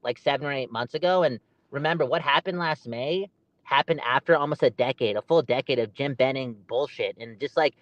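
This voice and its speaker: A man co-hosting a podcast, ranting in an animated, exasperated way. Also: medium pitch, fairly quick, no echo, highs cut off. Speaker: podcast co-host. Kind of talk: heated casual podcast chat.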